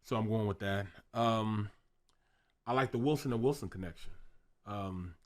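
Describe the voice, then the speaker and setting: A man's voice: lowish voice, moderate pace, darkish tone. A man on a sports betting panel, chatting casually and often stammering and repeating words.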